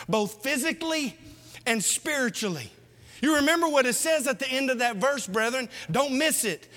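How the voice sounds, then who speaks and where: Male preacher, very high, bright, forceful voice, lively exhortation, long hall echo. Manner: animated, exhorting the congregation with rhetorical questions. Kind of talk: sermon.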